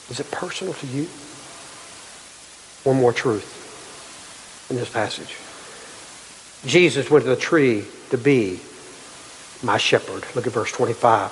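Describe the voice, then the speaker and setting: Emphatic preacher in a reverberant sanctuary. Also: male voice, mid-range voice, husky. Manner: preaching with climbing intensity and emphatic repetition. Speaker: pastor. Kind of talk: sermon.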